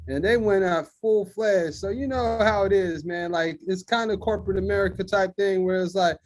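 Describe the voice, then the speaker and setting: A man's voice: sits high, moderate pace, few pauses. A man co-hosting a casual sports chat, arguing his points thoughtfully and acting out quotes. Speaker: podcast co-host.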